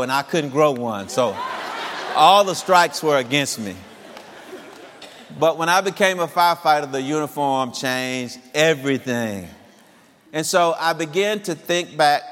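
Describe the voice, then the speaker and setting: A man in his fifties telling a personal story to an audience of singles in an animated way, often laughing. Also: mid-range voice, in a large hall. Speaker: speaker addressing singles.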